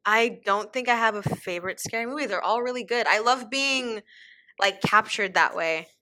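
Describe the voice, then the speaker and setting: A young woman chatting casually with friends on a podcast, enthusiastic and drifting into soft asides. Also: a little high, normal speed. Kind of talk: casual chat.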